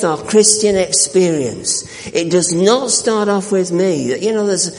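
A man preaching a sermon as a pastor, earnest, with repeated words and restarts, slowing down to read scripture. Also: high-pitched, gravelly, darkish tone, big-room sound.

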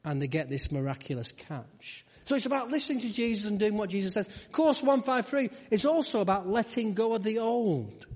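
This sermon comes from a pastor whose voice is a bit high for a man, delivered fairly quickly with hardly any pauses. He keeps it relaxed and conversational, tossing rhetorical questions to listeners, and the audio carries a long hall reverb.

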